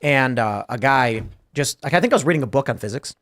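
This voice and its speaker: Male podcast host, casual and chatty, works through big ideas out loud. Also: mid-range voice, lively intonation, brisk. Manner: storytelling, acting out both sides of a conversation; thinking aloud through abstract ideas. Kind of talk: casual panel talk.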